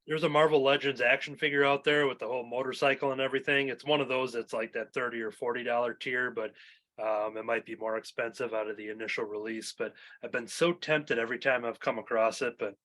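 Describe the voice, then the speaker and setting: A man's voice: medium pitch, fairly even intonation, quick pace, a bit bright. A man hosting a comic book podcast, chatting loosely and reading previews aloud with many fillers. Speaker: podcast host. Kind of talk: casual podcast chat. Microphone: home recording mic.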